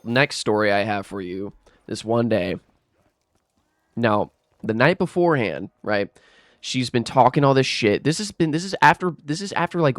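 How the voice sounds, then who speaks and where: A man's voice: mid-range voice, fairly bright tone, no echo, clean studio sound. A young man telling a rambling, aggrieved storytime rant while gaming, swearing and restarting his sentences often. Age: young adult. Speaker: gaming vlogger.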